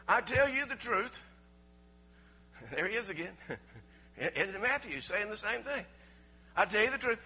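Emphatic preacher, a man with a bright husky voice. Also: high-pitched. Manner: emphatic, rising to near shouts; laughs between points, repeats words. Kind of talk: sermon. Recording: dull lo-fi recording with mains hum.

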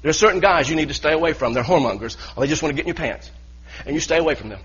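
A man's voice: fairly high pitch, lively intonation, racing, a bit bright, breathy edge, dull audio. A man preaching a sermon as pastor, earnest and full of restarts and repeated words.

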